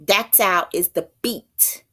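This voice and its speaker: A woman teaching as a self-styled prophetess, thinking aloud in a halting way and stopping to read passages out. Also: mid-range voice, a bit bright, slightly rough. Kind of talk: slow spoken teaching.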